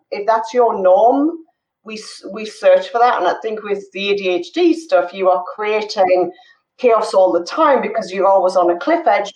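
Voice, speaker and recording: Earnest woman co-host, roomy and distant. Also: medium pitch. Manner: earnest, halting, searching for words. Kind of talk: casual chat.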